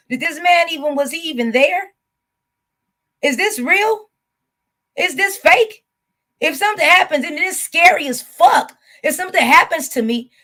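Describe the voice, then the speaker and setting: Southern us woman ranting on her channel, cussing a lot, kinda high voice. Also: a bit bright. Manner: blunt, profane, heated. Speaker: YouTube host. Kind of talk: casual reaction rant to camera.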